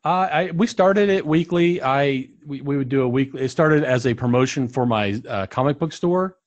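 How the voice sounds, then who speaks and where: A man's voice: medium pitch, normal speed. A man hosting a podcast interview, polite and laughing along with his guests. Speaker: podcast host. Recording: dull lo-fi audio.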